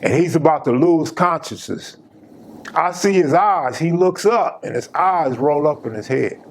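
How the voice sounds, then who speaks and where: A man's voice: fairly high pitch, animated, a little slow, a little hiss or hum. A man hosting his channel, casually telling a personal story in an emphatic, slang-heavy way.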